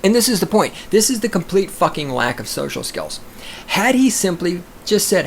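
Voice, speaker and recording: Podcast host, male, profane combative ranter, animated pitch, faint hiss behind. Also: normal speed, vocal fry. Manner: profane, combative, swings into loud outbursts. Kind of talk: profane ranting monologue.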